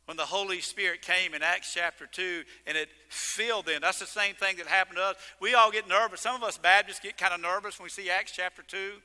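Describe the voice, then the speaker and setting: A man preaching a sermon as pastor, animated and exclaiming, joking with his congregation. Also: sits high, brisk, few pauses, smooth. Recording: long reverb of a large hall.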